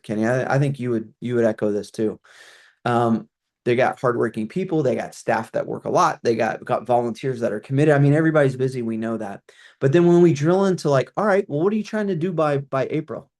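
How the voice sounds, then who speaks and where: A man's voice: mid-range voice, a little mellow. A middle-aged man who used to be a pastor, giving a conversational presentation on a call with many restarts and fillers. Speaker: ministry consultant, former pastor.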